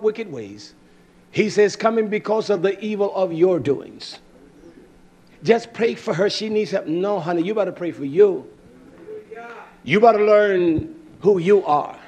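A man preaching a fiery sermon, fervent and emphatic, drawing out words and breaking into shouts. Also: sits high, a little slow.

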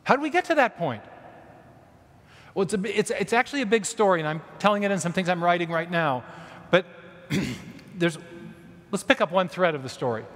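High-voiced man lecturing in a hall. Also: expressive, brisk, pauses often, a bit bright. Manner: storytelling with asides and self-corrections. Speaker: conference speaker. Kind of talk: public lecture. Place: large church hall. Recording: long reverb of a large hall.

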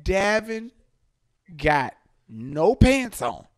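A man hosting a podcast, telling a crude comic story in an animated, laughing way, full of slang. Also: sits high, measured pace. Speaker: podcast host.

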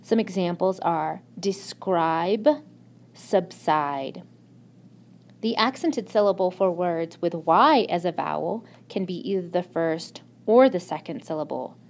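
A woman's voice: lowish voice, slow. A woman teacher giving a recorded phonics lesson in a patient, encouraging classroom manner. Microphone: tablet microphone.

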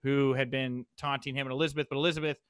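A man hosting a podcast in casual chat, recapping events with lively, excitable asides. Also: medium pitch, very fast, clean tone, no room sound. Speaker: podcast host.

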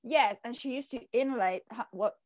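A woman's voice: on the high side, normal speed, no echo, muffled recording. A woman from Italy with an Italian accent, a guest on a casual podcast, searching for words and giving her opinions. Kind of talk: casual chat.

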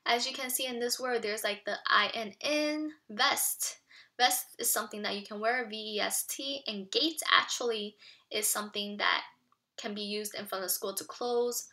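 Give me a woman teacher with a bright, slightly high voice, patiently explaining words in a children's read-aloud lesson. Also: moderate pace.

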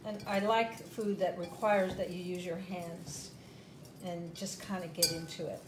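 A woman's voice: lowish voice, steady tone, unhurried, background noise. Chatty woman demonstrating in echoey kitchen. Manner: chatty, rambling, with fillers. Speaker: host. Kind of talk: casual cooking demonstration. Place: home kitchen. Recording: echoey kitchen with clattering dishes.

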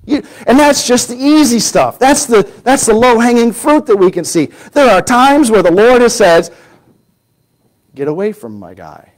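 A man preaching a Sunday sermon, telling a story with lively acted-out quotes and sudden drops to a hushed voice. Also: very high-pitched, normal speed, few pauses, rough recording. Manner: animated storytelling, acting out quoted voices, drops to a near-whisper for emphasis.

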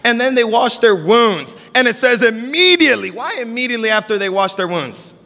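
Guy preaching, high voice, acts out all the dialogue, big hall echo. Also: fairly quick. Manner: animated storytelling, acting out dialogue. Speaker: pastor. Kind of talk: sermon. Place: church service in a hall. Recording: long reverb of a hall.

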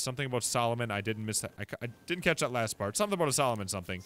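A man giving excitable gameplay commentary on a horror game, with loud reactions and jokes. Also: medium pitch, very fast, few pauses. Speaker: let's play host.

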